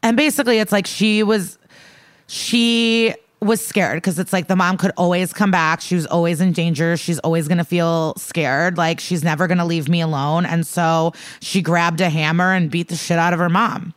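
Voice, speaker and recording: A woman's voice: fairly low pitch, steady tone, moderate pace, no room sound, studio quality. A woman co-hosting a podcast, recapping a TV episode in casual chat, peppered with "like" and swearing. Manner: chatty, profane, lots of "like" and "um". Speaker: podcast co-host.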